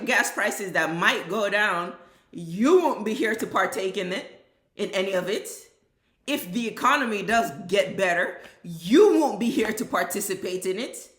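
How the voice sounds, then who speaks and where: Blunt, bright-voiced woman ranting. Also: medium pitch, echoey room. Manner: blunt, profane, heated. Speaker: vlogger. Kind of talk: ranting social commentary.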